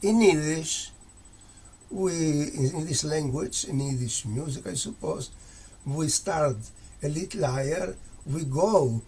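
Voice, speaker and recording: A man's voice: fairly high pitch, measured pace, dark tone, slightly rough. A man responding in an academic panel discussion, explaining with rising phrases.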